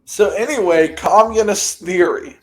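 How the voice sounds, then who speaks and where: A young man co-hosting a podcast, telling stories in a casual, animated way with a lot of laughter. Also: high voice, measured pace, rough recording. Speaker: podcast co-host. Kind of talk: casual chat.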